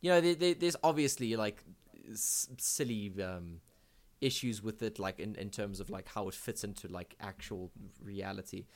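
A young man co-hosting a gaming podcast, chatting casually in an excitable, rambling way with lots of fillers and restarts. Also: on the low side, normal speed. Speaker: podcast co-host. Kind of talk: casual chat.

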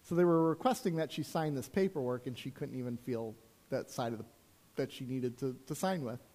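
A man's voice: medium pitch, fairly quick, mellow. A man preaching a sermon as a pastor, telling personal stories in a conversational way with frequent asides to the congregation.

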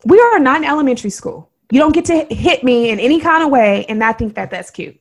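A woman from Oakland with a Bay Area accent, co-hosting a podcast and telling a story in an emphatic, animated way. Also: high-pitched, quick pace. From Oakland, California. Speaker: podcast co-host. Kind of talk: casual storytelling chat.

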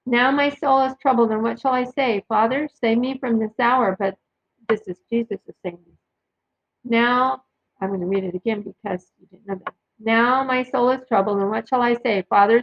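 A woman's voice: a little high, highs cut off. A woman hosting a podcast, reading scripture passages aloud and adding her own asides and verse references. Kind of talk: casual Bible reading with commentary.

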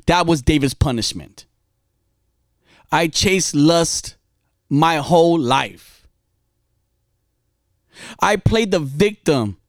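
A man giving an impassioned spoken sermon, telling a story dramatically and shifting between quiet confession and fiery urging. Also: a little high, no echo, clean studio sound.

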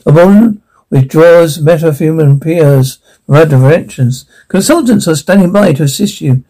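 A man playing a pompous old mad scientist from Bavaria, who gives a grandiose, theatrical welcome speech in a husky voice. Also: on the high side, normal speed, mellow, rough recording. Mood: boastful. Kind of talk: TV drama acting.

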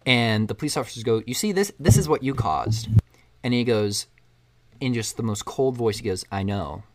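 A man casually retelling a film scene by scene, rambling and animated as he acts out lines. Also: medium pitch, moderate pace, noisy background. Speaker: co-host recapping a film. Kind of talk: casual chat.

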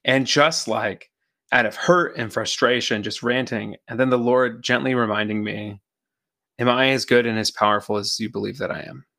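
A man's voice: medium pitch, fairly even intonation, normal speed, creaky, sharp tone. A man co-hosting a faith podcast, reflecting in casual conversation and thinking aloud with many fillers. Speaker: podcast co-host.

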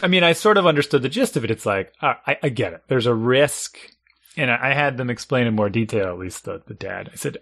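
A middle-aged man in casual chat as a podcast co-host, animated and laughing often, with frequent restarts. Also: medium pitch, a little fast, vocal fry.

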